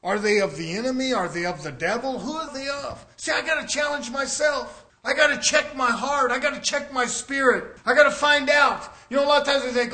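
An older man preaching a sermon, swinging between shouted questions and quiet asides. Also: extremely high pitch, normal speed, hardly any pauses.

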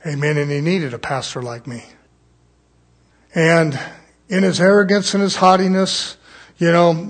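Pastor, male, husky and slightly high-pitched, fervent sermon delivery with big volume swings. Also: a little slow, pauses often. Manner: preaching, swings between loud fervent crescendos and quiet asides.

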